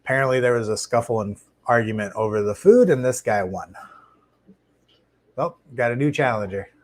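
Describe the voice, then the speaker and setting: A man's voice: medium pitch, moderate pace, rough recording. Man chatting casually on a live stream. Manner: relaxed and chatty, with frequent fillers and restarts. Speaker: host of a live stream about keeping shrimp. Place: indoor home fish room with tanks. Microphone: lapel mic. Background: faint hum of aquarium tanks.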